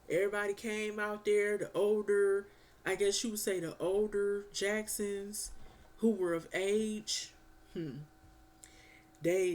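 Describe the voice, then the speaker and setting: Woman reviewer, casual and animated, loose slangy storytelling. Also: medium pitch. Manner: animated, slangy, swears and laughs. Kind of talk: casual film review chat.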